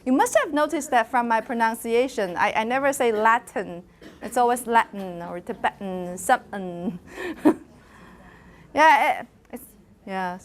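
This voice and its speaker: A woman giving a university phonetics lecture, repeating example words slowly to demonstrate sounds and now and then slipping into Mandarin. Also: a little high. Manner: switches briefly into Mandarin. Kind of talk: classroom lecture. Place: lecture hall.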